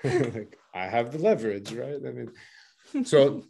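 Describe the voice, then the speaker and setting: A man's voice: mid-range voice, a little slow, gravelly, noisy background. A man hosting a casual conversation as an English teacher, chatty and bilingual, laughing often between points. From bilingual English-French speaker living in France. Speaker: podcast host, English teacher.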